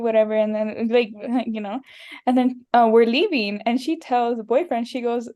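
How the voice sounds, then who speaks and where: A woman's voice: on the high side, normal speed, dark tone. A young woman hosting a podcast, telling stories in casual chat and laughing often. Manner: chatty storytelling, laughing often. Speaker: podcast host.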